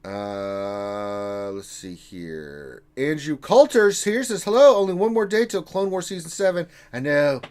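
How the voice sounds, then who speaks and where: A man's voice: on the high side, animated, a little slow, a little mellow. A man hosting a casual gaming livestream, reading out viewer messages with jokey asides. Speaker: stream host reading chat.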